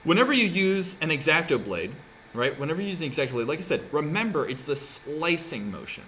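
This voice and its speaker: A man teaching a hands-on craft lesson with a bright, fairly high voice that rises and falls a lot. He talks casually to his students and keeps checking in with "right?". A faint hum of room noise sits under him. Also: sing-song, fairly quick. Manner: chatty, keeps asking "right?". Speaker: art teacher. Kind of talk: classroom tutorial demonstration.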